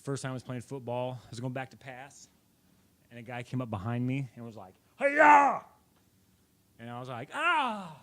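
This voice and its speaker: A man's voice: mid-range voice, level tone, fast, a little mellow, no echo. A young man vlogging, casually telling a personal story in a rambling, self-correcting way.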